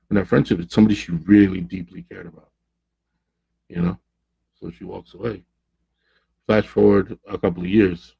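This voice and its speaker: A podcast host with a low-pitched voice, vocal fry, and a breathy edge tells a story in a casual, slangy, animated way, acting out the people he quotes. The recording sounds muffled.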